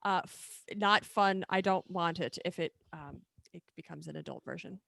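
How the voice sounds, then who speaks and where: A woman co-hosting a podcast, telling stories in a rambling, animated way full of fillers. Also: fairly low pitch, normal speed, creaky, no room sound. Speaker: podcast co-host. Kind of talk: casual chat.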